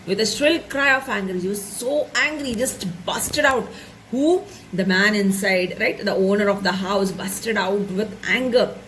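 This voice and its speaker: A woman's voice: medium pitch, a little slow, fairly bright tone, slight background noise, rough recording. A woman teacher explaining a story to students, repeating and rephrasing each point and checking in with "right?" and "isn't it?".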